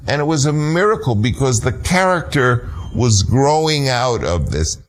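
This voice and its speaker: A man recounting a casting story as an animated storyteller, acting out the voices of people he quotes. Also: mid-range voice, normal speed. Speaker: film director recalling a casting story. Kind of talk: recorded anecdote.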